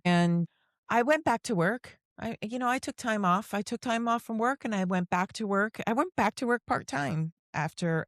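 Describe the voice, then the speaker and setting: Middle-aged woman, low-pitched, telling stories. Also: no room sound, clean studio sound. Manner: earnest, emotional, tells long personal stories. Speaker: podcast host. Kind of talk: casual conversation, personal storytelling.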